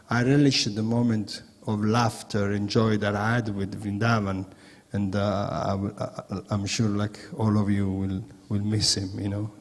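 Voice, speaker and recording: A man's voice: lowish voice, long reverb tail. A man giving a hesitant, emotional tribute at a memorial gathering, full of fillers. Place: temple hall with long reverb.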